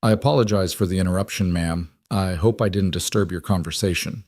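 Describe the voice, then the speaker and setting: A man reading the part of a reserved young cowboy with a courteous, measured manner. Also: sits low, a little mellow, no room sound, clean studio sound. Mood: polite. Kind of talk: storybook reading.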